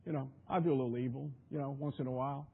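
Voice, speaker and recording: A man's voice: mid-range voice, steady tone, rapid-fire, slightly rough, narrow, tinny audio, pitched below the performer's own voice. A man voicing a flippant man who shrugs off his small sins, in an offhand, dismissive way.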